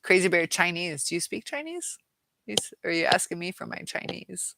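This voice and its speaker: A woman with a low, gravelly voice hosts a relaxed live chat. She reads viewer comments aloud, trails off now and then and laughs easily. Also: normal speed, background noise. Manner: chatty, laughs often, trails off while reading comments.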